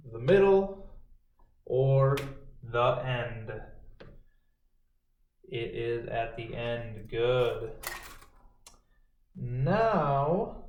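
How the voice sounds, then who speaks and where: A man teaches a remote phonics lesson to kindergarteners, stretching out letter sounds in a slow, sing-song way. He talks at an unhurried pace. His voice is captured from a distance by a laptop mic, with noticeable room echo. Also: mid-range voice, darkish tone. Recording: roomy, distant home video.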